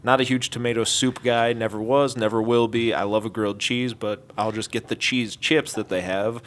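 A man's voice: mid-range voice, steady tone, moderate pace, a bit bright. A man co-hosting a casual chat podcast, talking in an easygoing way and laughing often. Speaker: podcast co-host.

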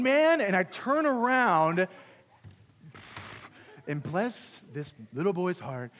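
A young man telling a self-mocking story to a youth group, his voice sitting a bit high. He talks with lively swings between loud and hushed. A long reverb from a large hall trails behind him. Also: a little hiss or hum. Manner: animated, self-deprecating storyteller. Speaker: youth camp speaker.

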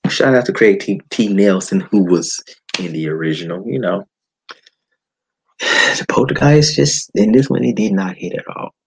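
Husky low-voiced man ranting about movies. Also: moderate pace, no echo, poor audio. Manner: animated, blunt, swears often. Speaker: podcast host. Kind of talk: casual movie-review monologue.

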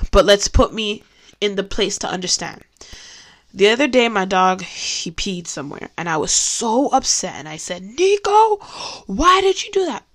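A woman leading a casual devotional Bible study, talking candidly and laughing often. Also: medium pitch.

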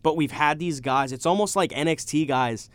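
A young man hosting a casual college radio sports talk show, animated and opinionated, talking over his co-hosts. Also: on the high side, normal speed, no room sound. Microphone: studio microphone.

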